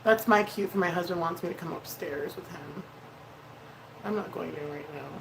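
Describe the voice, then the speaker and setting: A woman's voice: lowish voice, normal speed, vocal fry, background noise. A woman hosting a casual makeup livestream, chatty and freely swearing as she reads out viewer messages. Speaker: livestream host doing makeup.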